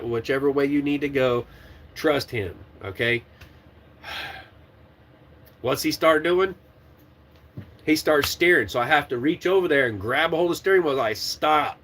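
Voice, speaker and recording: Man telling a trucking story, swearing freely. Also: fairly high pitch. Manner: animated, swears and laughs while retelling. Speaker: truck driving trainer. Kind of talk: casual storytelling.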